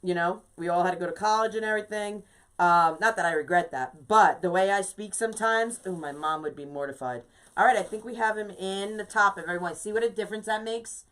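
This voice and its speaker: A woman's voice: medium pitch, brisk, fairly bright tone. A woman in her fifties leading a live craft tutorial, chatty and emphatic, greeting viewers by name as she works. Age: 50s. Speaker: craft instructor and shop owner.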